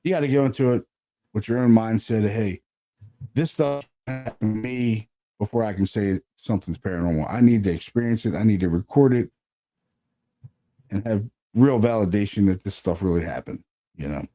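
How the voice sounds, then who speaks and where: A laid-back man talks shop as a paranormal investigator in easy, casual chat. His voice sits low and very dark and mellow, and he keeps tagging his points with friendly filler. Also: moderate pace. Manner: laid-back, peppers talk with "you know what I mean" and "man".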